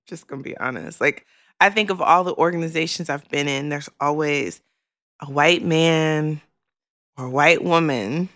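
Woman podcast host, slow and heartfelt, blunt with curse words, dry close sound. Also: low voice, a bit bright, no room sound. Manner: emotional, frank, swears freely. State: choking back tears. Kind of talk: candid podcast monologue.

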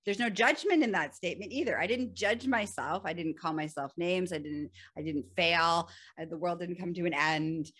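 Frequent laughter and fillers run through a casual everyday anecdote told by a woman hosting a solo podcast. Her voice sits on the low side with a fairly bright tone.

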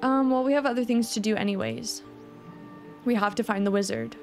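A woman's voice: a little high, a little fast, vocal fry, darkish tone, soft background music. A woman reading a kindly talking cat. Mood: friendly. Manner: reading dialogue aloud plainly.

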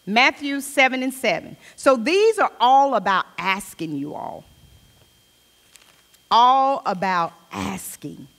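A woman with a fairly high voice teaches a Bible study in a loose, conversational way, often restarting her sentences. She reads scripture aloud between personal asides. The sound carries a long church-hall reverb. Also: big pitch swings, a little slow, hardly any pauses, a bit bright.

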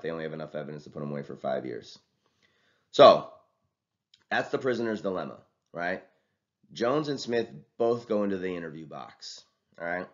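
A male teacher giving a casual classroom lecture, talking conversationally and ending his points with "right?". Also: sits low. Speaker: college teacher and wrestling coach. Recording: dull lo-fi recording.

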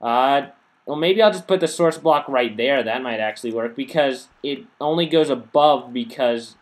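A man's voice: mid-range voice, moderate pace. A man giving casual gameplay commentary as a channel host, tired and unwell, rambling and stumbling over his words as he corrects himself.

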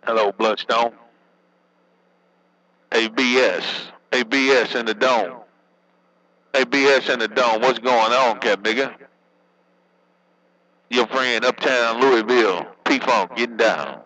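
A man's voice: medium pitch, slow, long pauses, bright, forceful tone, low-quality recording. A working man chatting casually over a CB radio, joking in loose slang and laughing often. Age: adult, working. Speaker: CB radio operator.

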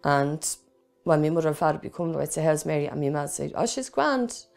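Middle-aged Dublin Irish woman; low, gravelly voice; plain-spoken interviewee testimony. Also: lively intonation, fairly quick, a little mellow. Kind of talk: personal testimony.

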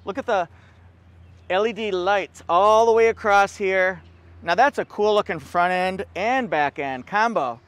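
An upbeat dealership salesman giving a casual car walkaround, his voice sitting notably high for a man. He keeps pointing things out and talking them up in an easygoing, promotional way. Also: measured pace, fairly bright tone, dry recording.

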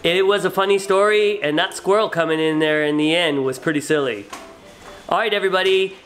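A teacher hosting a children's read-aloud, introducing a picture book in a friendly, lively tone. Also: medium pitch, fairly quick, rough recording. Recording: soft background music.

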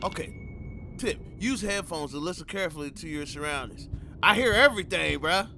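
A man giving loud, excitable commentary while playing a horror game, full of slang and yelling at jump scares. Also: fairly high pitch, a little fast, creaky, noisy background. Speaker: gamer.

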